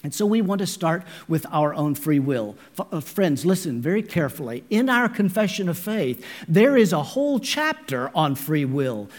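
A man's voice: a little high, big pitch swings, normal speed, few pauses. A man preaching a sermon with emphasis, calling his listeners friends. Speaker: pastor.

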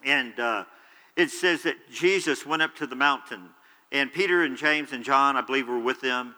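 A man's voice: mid-range voice, moderate pace, pushed and bright, in a large hall, low-quality recording. A man preaching a sermon, earnestly explaining scripture and retelling it in his own words.

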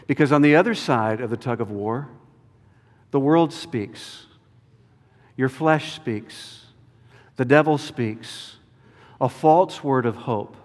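A man preaching a sermon with an emphatic, deliberate delivery. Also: medium pitch. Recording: long reverb of a large hall.

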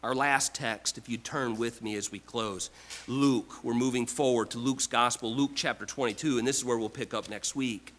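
A man preaching a sermon, emphatic, with repeated restarts, swinging from loud to quiet. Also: mid-range voice, steady tone, moderate pace, low-quality recording. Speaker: pastor.

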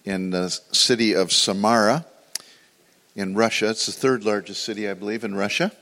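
Deep-voiced pastor in an echoing hall. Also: male voice, normal speed. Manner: relaxed, filler-heavy, informal. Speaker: pastor introducing a guest. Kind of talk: church introduction. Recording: long hall reverb.

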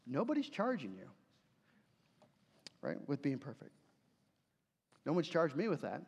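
High-voiced earnest male preacher. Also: big pitch swings, moderate pace, vocal fry, long pauses. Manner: earnest, swinging between forceful and hushed. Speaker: pastor. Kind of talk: sermon. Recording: long reverb of a large hall.

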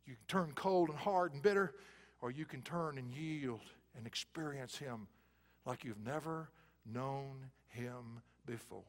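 A man preaching a sermon in an auditorium, swinging from hushed, soft passages to loud, emphatic bursts. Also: mid-range voice, measured pace, long reverb tail.

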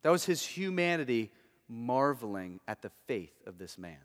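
A male pastor preaching a sermon, moving between hushed and emphatic delivery. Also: mid-range voice, very animated, normal speed, big-room sound.

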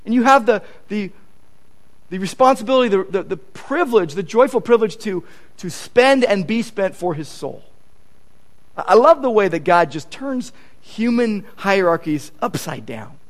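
A man preaches a sermon in a fairly high voice that swoops up and down. He repeats key points for emphasis and acts out the conversations he quotes. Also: expressive, normal speed. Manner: emphatic repetition. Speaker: pastor.

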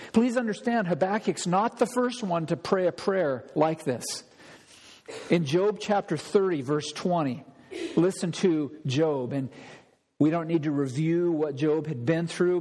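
A man's voice: on the high side, darkish tone. Emphatic male preacher, reverberant hall. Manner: emphatic preaching, acts out pleading prayers. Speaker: pastor. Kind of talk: expository sermon.

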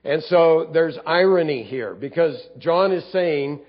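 Man preaching, slightly high, lo-fi. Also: animated, a little slow. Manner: teaching, reads scripture aloud and acts out grumbling voices. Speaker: pastor. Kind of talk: expository sermon.

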